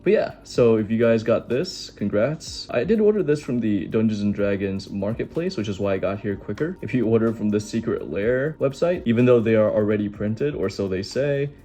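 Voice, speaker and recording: A young man hosts a casual card unboxing in a low, mellow voice. He sounds relaxed, chatty and keen, with faint music playing behind him. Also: normal speed, few pauses. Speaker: card-opening host.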